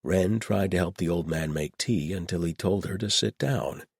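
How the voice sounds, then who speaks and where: A man narrating an audiobook in even, measured storytelling. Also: deep voice, creaky, husky, no echo, studio quality.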